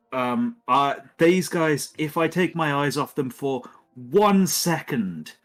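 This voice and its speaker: A man voicing a towering, harried male Christmas boss, attempting an Irish accent that slips into West Country, talking in a hurried, bossy, exasperated way. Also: fairly high pitch, pitched above the performer's own voice. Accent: attempted Irish slipping into West Country.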